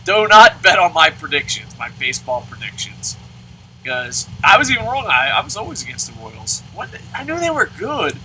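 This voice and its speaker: A man's voice: on the high side, sing-song, moderate pace, pushed and bright, slight background noise, low-quality recording. A man hosting a let's play, commenting on a baseball game and answering viewer comments in a profane, ranting way.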